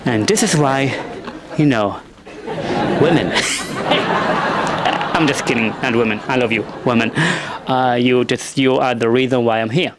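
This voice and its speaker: A man's voice: mid-range voice, normal speed, long pauses, a loud crowd, very noisy. A young man with a non-native English accent doing a rambling, self-deprecating stand-up comedy monologue.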